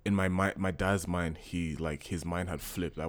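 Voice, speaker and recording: A young man from Nigeria co-hosting a casual podcast, telling animated stories full of swearing and laughter. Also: deep voice, normal speed. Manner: animated storytelling, profane, laughing. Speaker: podcast co-host. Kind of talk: casual chat.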